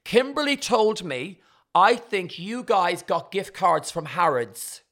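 An Irish woman hosting a casual chat, telling animated stories and acting out the exchanges she quotes. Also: lowish voice, slow.

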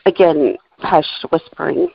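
A woman with a fairly low voice co-hosts a casual podcast chat, walking through notes and transcripts in a methodical way. The sound is dry and close, and the recording is dull and lo-fi. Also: wildly swooping pitch, a little slow, creaky, dry recording. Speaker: podcast co-host.

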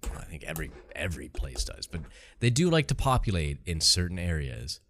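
Very deep-voiced wisecracking man. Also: very animated, fairly quick, a bit bright, a little hiss or hum. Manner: joking, wisecracking. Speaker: podcast co-host. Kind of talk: casual chat.

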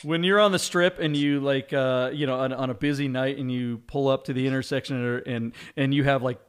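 A man co-hosting a casual car show, telling lively anecdotes and giving his picks. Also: fairly quick, clean tone. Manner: animated storyteller, jumps into high excited voices when telling anecdotes.

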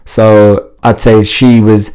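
A man with a lowish voice chats as a guest about his own path, animated and quick to laugh. He often breaks off and restarts his sentences as he thinks aloud. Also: clean tone. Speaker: fitness TV presenter, interview guest. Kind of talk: casual interview chat.

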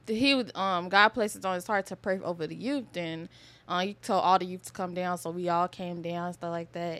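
A woman's voice: on the low side, a bit bright. A young woman co-hosting a casual faith podcast, telling stories hesitantly with many fillers. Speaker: podcast co-host.

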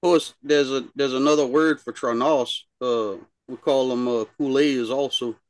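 A man with a Cajun accent, co-hosting a casual podcast with short, slow, easygoing remarks. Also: medium pitch, steady tone, no echo. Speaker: podcast co-host. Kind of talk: casual chat.

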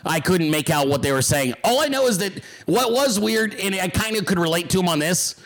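Man, podcast host, casual profane monologue, storytelling, slightly high pitch. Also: a little fast. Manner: storytelling, swearing, animated quoted voices.

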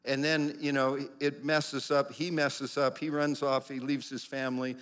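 A middle-aged man preaching a conversational sermon, lively, with animated quoted voices. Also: medium pitch, unhurried, clear, resonant tone.

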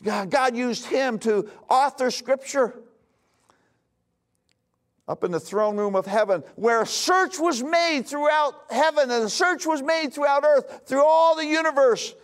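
A male pastor preaching a sermon with emphasis, swinging between loud bursts and hushed lines. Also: very high-pitched, measured pace.

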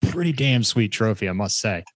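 A man co-hosting a casual podcast, chatting about racing, laughing often and getting animated. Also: lowish voice, a little fast. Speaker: podcast co-host.

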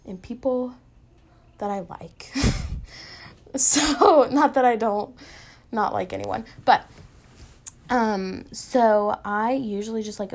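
A woman's voice: on the high side, vocal fry, darkish tone. A woman in her late teens chatting through an everyday story, full of "like" and self-mocking asides. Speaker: vlogger. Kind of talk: casual storytelling.

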